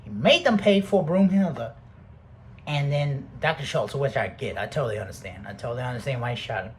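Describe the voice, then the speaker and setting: A man rambling through a profane, casual monologue to the camera, jumping between loud outbursts and soft mutters. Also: mid-range voice, animated, fairly quick, slight background noise.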